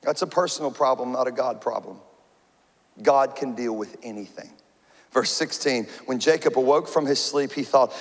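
A male pastor preaching a sermon with animated, humorous storytelling, in a church hall with a long reverb. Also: medium pitch, moderate pace.

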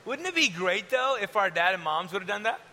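A man preaching a sermon in a casual, conversational way, at times dropping to a soft, hushed tone. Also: high-pitched, very animated, a little fast. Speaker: pastor. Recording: long hall reverb, faint hiss.

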